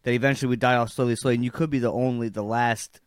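A man co-hosting a casual podcast chat, speaking haltingly with many restarts and some swearing. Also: medium pitch, fairly even intonation, smooth. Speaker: podcast co-host.

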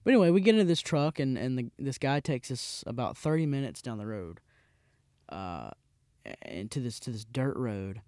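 A man in his twenties, a podcast host, telling a casual rambling story with frequent restarts and animated voices for the people in it. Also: medium pitch, moderate pace, no room sound, clean studio sound. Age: 20s.

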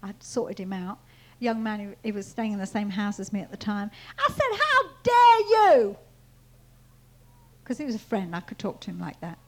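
A woman preaching a sermon, repeating phrases and swinging from quiet teaching to loud proclaiming. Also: mid-range voice, steady tone, fast talker, rough recording.

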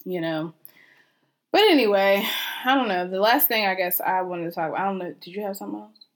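A woman's voice: mid-range voice, brisk. A young woman co-hosting a podcast, talking bluntly and candidly in casual chat, swearing freely. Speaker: podcast co-host.

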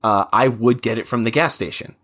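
A man in his thirties co-hosting a casual podcast, his voice sitting at an ordinary middle pitch. He rambles through his stories and keeps acting out quotes from other people. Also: a little fast. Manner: rambling, animated storytelling with quoted asides. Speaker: podcast co-host. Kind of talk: casual chat.

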